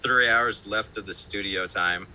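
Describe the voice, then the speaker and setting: A man's voice: lowish voice, measured pace, bright, forceful tone, a little hiss or hum, poor audio. A man, a band musician, telling stories in a casual interview over a live-stream call, loose and profane, full of fillers and laughter. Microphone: remote live-stream call.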